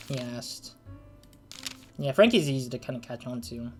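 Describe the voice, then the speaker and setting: A casual let's play host narrates a detective game at a mid pitch, reading its text and then wandering into asides. The delivery is rambling and self-conscious, full of restarts and apologies, with soft music in the background. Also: expressive, moderate pace, long pauses.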